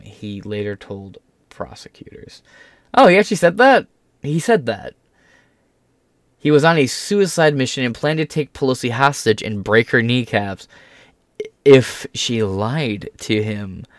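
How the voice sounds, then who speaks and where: A man hosting political commentary, reading news articles aloud and breaking off into crude, sarcastic asides, swinging between slow, careful reading and quick jokes. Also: lowish voice, no echo, clean studio sound. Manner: sarcastic and crude, laughing at his own jokes.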